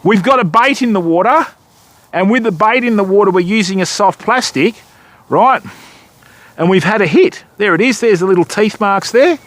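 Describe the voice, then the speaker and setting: A man's voice: high voice, lively intonation, normal speed, a bit bright, no echo. A middle-aged Australian man chatting casually to viewers on a livestream while fishing from a kayak on a river, calling people mate and bud.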